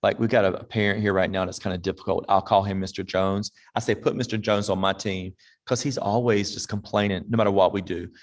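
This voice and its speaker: A man's voice: low voice, fairly even intonation, fast talker, few pauses. Folksy man in his fifties. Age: 50s. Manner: folksy and direct, acts out parents and sings snippets. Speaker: veteran teacher presenting to other teachers. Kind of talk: casual conference talk with audience questions. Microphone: online presentation mic.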